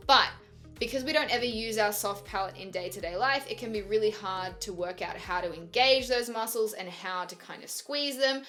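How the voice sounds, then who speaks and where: A woman's voice: mid-range voice, a little fast, pushed and bright, faint music behind. A young woman teaching singing in a chatty, upbeat vlog, breaking off to demonstrate sung exercises. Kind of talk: vocal lesson vlog.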